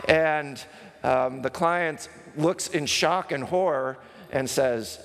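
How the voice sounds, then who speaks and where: A pastor preaching a sermon, earnest and explanatory, sometimes acting out a comic skit with a raised voice. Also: male voice, fairly high pitch, slow pace, gravelly. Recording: long hall reverb.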